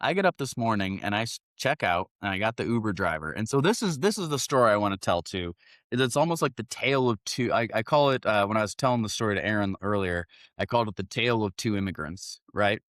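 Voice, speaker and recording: A middle-aged man hosting a podcast, telling a story in a profane, animated, casual way. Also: on the low side, fast talker, no room sound. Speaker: podcast host. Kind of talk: casual chat.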